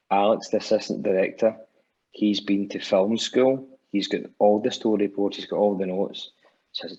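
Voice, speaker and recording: Speaking fast in a low, slightly rough voice, a Scottish musician guest on a podcast animatedly spins a rambling story, voicing the people in it and frequently starting over. The recording quality is poor.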